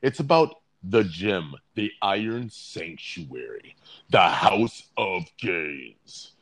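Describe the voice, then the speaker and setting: A playful man co-hosting a comedic podcast rant, his low voice swinging widely in pitch. He talks slowly, often repeating himself as he hunts for a word, and the close mic leaves the sound dry. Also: big pitch swings, fairly bright tone, dry recording. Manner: playful, jokey, repeats words while searching. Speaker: podcast co-host.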